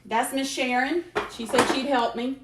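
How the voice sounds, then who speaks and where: A woman's voice: high-pitched, fairly even intonation, normal speed. A woman hosting a casual live cooking stream from her home kitchen, chatting along and greeting viewers by name. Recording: echoey kitchen with faint noise.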